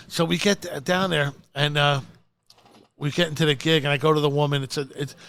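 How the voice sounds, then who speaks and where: A man, a comedian telling stories in casual talk, profane and animated as he acts out quotes. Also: on the high side, brisk, clear, resonant tone. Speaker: podcast guest, comedian. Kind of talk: casual storytelling.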